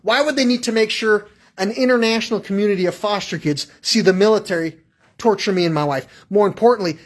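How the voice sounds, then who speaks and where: A man calling in to a radio show with a rambling, agitated, profane rant that jumps between thoughts and acts out little exchanges. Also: high voice. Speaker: caller.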